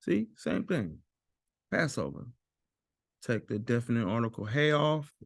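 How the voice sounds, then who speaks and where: A man teaching a Bible lesson while sharing his screen, slowly repeating and stressing Hebrew words. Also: medium pitch, very animated, no room sound, studio quality. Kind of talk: screen-share scripture lesson.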